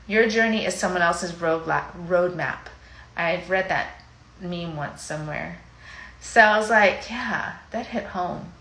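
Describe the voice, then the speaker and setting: A woman's voice: lowish voice, unhurried, fairly bright tone, roomy sound. A woman in her fifties, a fitness coach, talking in a chatty, emotional, rambling way on a casual live video.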